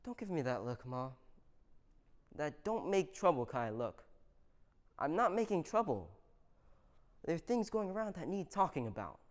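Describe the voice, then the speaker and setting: A woman's voice: deep voice, big pitch swings, moderate pace, long pauses. A young student actress playing an earnest daughter of a Taiwanese immigrant family who runs a restaurant with her mother, talking defensively and urgently. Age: young adult. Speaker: student actor. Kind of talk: stage monologue.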